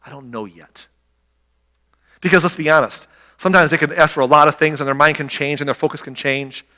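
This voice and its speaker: A middle-aged man preaching a sermon as a pastor, telling stories and acting out quotes with animated energy. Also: fairly high pitch, a little fast, in a large hall. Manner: animated storytelling, acts out quotes. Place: church sanctuary.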